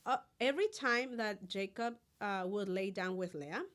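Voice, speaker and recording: Young woman on a podcast, flips between english and spanish, tells the story all animated. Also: mid-range voice, moderate pace. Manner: switches between English and Spanish mid-sentence, animated retelling. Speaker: podcast co-host. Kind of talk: casual chat.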